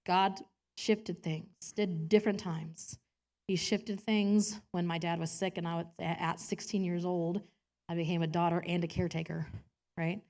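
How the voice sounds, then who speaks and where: A woman's voice: fairly low pitch, little pitch movement, moderate pace, a little mellow. A woman preaching a personal sermon in a church, chatty and self-deprecating, laughing often and acting out quotes in different voices.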